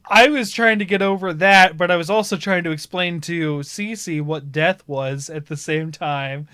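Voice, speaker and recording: A man from Ohio, a podcast host, telling stories in casual chat and bursting into loud laughing shouts. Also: a little high, a little slow, clear, resonant tone, no echo, studio quality. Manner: animated storyteller, swings into loud laughing shouts.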